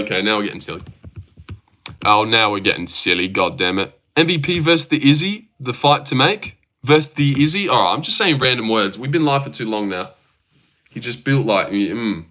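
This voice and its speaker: Bright-voiced young man chatting on stream. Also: medium pitch, lively intonation, normal speed. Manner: reads viewer comments aloud and banters back jokingly. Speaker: livestream host. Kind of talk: casual live-stream chat.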